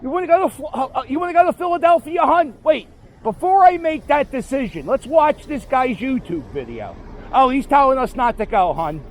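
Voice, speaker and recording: A man's voice: extremely high pitch, expressive, brisk, voice pushed up. A man putting on a chirpy would-be tourist. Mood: eager. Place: city street outdoors.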